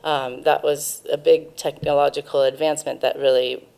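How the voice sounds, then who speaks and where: Low, gravelly-voiced woman. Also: level tone, moderate pace, dark tone. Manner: informative, frequent ums and restarts. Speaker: cannabis museum guest. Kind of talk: casual interview, explaining history.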